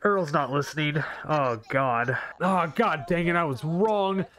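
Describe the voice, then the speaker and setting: A man's voice: fairly high pitch, measured pace, fairly bright tone. A young man giving rambling, sarcastic commentary while playing a video game, often talking back to the characters on screen. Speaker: gaming channel host. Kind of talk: casual gameplay commentary.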